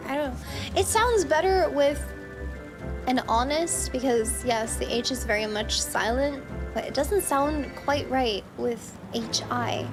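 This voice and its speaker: A woman streamer talks casually while playing, musing and second-guessing aloud. Her voice sits high. Game music plays clearly underneath her. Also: slow. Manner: musing, unsure, chatty.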